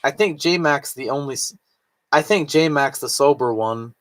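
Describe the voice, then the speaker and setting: Drunk swearing man, slow and slurry. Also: mid-range voice, fairly bright tone. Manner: slurry, swearing, laughing to himself. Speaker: streamer. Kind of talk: drunk casual livestream chat.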